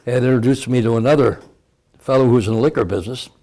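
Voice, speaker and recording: A man's voice: mid-range voice, quick pace, dark tone. A man in his eighties from Cleveland, Ohio, a veteran telling his story in an oral history interview, rambling and chuckling often. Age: 80s.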